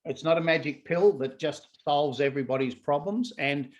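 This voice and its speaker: A man who works as a laughter yoga trainer, talking as a guest in a casual conversation in an animated way and acting out what people say. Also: on the high side, normal speed.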